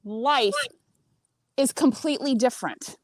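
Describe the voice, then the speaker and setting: A woman in her forties telling a story as a podcast guest, blunt and animated, swearing freely. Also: on the high side, unhurried, no room sound. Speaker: senior marketing director. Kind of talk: casual storytelling chat.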